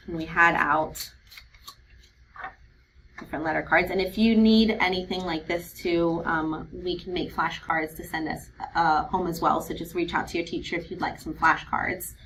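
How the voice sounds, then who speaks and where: A woman who teaches kindergarten, explaining reading strategies to parents in a clear, patient way, slowing down to model words and letter sounds. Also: on the low side, fairly bright tone, slight background noise, poor audio. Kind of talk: instructional video for parents.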